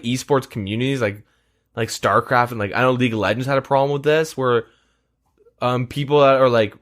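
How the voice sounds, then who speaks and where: A man's voice: mid-range voice, fairly bright tone. A man chatting loosely on a podcast, his sentences wandering and packed with filler words. He swears offhandedly and circles back on himself as he goes. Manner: rambling, filler-heavy, swears casually. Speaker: podcast host. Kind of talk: casual chat.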